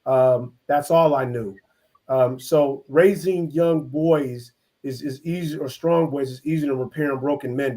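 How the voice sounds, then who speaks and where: A middle-aged man from East Oakland, telling his life story as an interview guest, earnest and halting with many restarts. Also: medium pitch, darkish tone. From East Oakland, California. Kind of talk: reflective personal storytelling.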